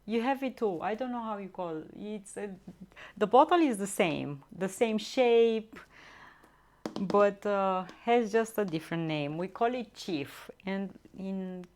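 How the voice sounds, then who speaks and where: A woman chatting casually with viewers as she cooks live in her home kitchen, often pausing to search for words. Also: mid-range voice, lively intonation, darkish tone. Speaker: streamer cooking live. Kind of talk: casual live-stream cooking chat.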